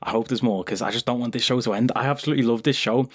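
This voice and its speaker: A young man hosting an anime reaction video, talking casually and excitably with lots of slang and fillers. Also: mid-range voice, very fast. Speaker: anime reaction channel host.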